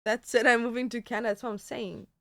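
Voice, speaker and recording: A woman's voice: fairly high pitch, fairly even intonation, quick pace, no echo, clean studio sound. A young woman chatting casually on a livestream, peppering her talk with "like" and swearing. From Germany. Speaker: streamer. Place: home.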